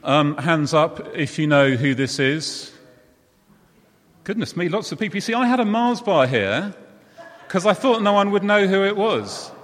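A man's voice: sits high, sing-song, unhurried, a bit bright, in a large hall. A man preaching in a chatty way, talking with the congregation. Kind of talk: sermon.

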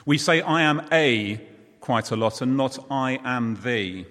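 A man's voice: mid-range voice, lively intonation, a little slow, a bit bright, in a large hall. A man preaching in a chatty way, talking with the congregation. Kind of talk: sermon.

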